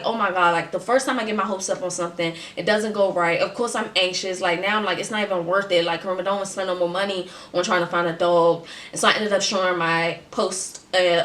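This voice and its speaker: Emphatic woman vlogger in an echoey room. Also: lowish voice. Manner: emphatic, slangy, animated retelling. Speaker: vlogger telling a story. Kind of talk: casual storytime chat.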